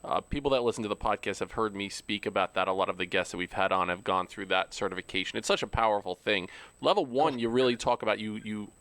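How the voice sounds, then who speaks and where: A man's voice: fairly low pitch, fast talker, fairly bright tone, no echo. Earnest swearing male podcast host. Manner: earnest, swears freely, repeats words. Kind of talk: casual podcast conversation.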